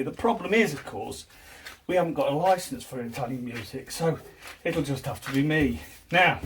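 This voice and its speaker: Middle-aged man, fairly high voice, jokey home-cooking demo, mic a bit far off with faint background noise. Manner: chatty, jokey, step-by-step instructions. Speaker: home cook presenter. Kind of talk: casual cooking demonstration.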